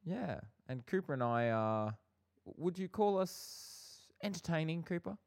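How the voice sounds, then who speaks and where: A man's voice: fairly high pitch, sing-song, unhurried, creaky, a little mellow. A young man co-hosting a casual podcast with his brother, bantering playfully with light sarcasm. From Australia. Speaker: podcast co-host.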